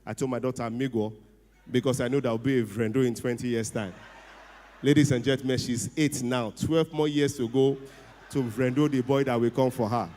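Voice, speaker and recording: A middle-aged man with a Nigerian accent tells a funny story at a ceremony, animated and often laughing, dropping to a hushed voice for quoted lines. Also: medium pitch, fairly quick. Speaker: speaker at a ceremony. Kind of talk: humorous storytelling speech. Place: event hall. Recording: long hall reverb.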